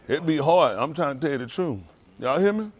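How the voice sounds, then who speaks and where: Joking man preaching, slightly high voice. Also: lively intonation, fairly quick. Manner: joking, laughing often, call-and-response with the audience; colloquial and rambling, with many restarts. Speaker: preacher addressing a congregation. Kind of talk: humorous sermon.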